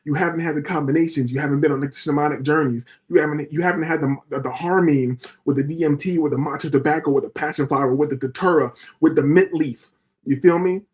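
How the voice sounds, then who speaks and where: A man's voice: a little high, steady tone, quick pace, a little mellow. A man hosting a livestream, ranting in a profane, fired-up way and repeatedly asking rhetorical questions. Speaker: livestream host. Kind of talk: heated livestream rant.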